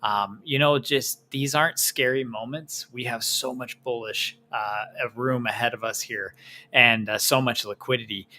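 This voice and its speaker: A man co-hosting a casual chat show, talking in a relaxed way that works through his ideas. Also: mid-range voice, measured pace, slight background noise. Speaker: podcast co-host.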